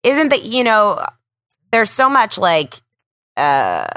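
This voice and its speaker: A woman's voice: medium pitch, huge pitch swings, takes it slowly, a bit bright, dry recording. A young woman hosting a podcast interview, chatty and full of fillers, laughing easily. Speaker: podcast host. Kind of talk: casual interview chat.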